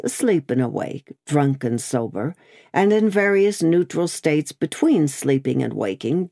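A woman narrating a classic novel as an audiobook, in a measured storytelling manner. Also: low voice, warm tone, no room sound, clean studio sound.

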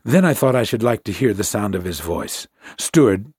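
A man narrating a story in the first person, measured and tense. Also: on the low side, animated, darkish tone, slightly rough, dry recording, clean studio sound. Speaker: audiobook narrator.

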